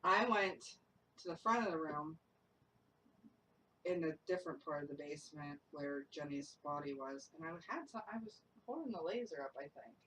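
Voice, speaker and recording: Lively storytelling woman, distant mic. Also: sits low, moderate pace. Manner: lively storyteller, laughs often, acts out quotes. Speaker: paranormal investigator. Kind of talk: casual group chat, telling a ghost story. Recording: distant mic with faint noise.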